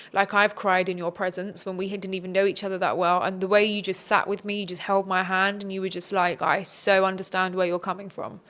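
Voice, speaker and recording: A woman's voice: mid-range voice, a bit bright. Earnest woman giving advice. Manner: earnest, reflective coaching tone. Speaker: podcast guest. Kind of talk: conversational podcast interview.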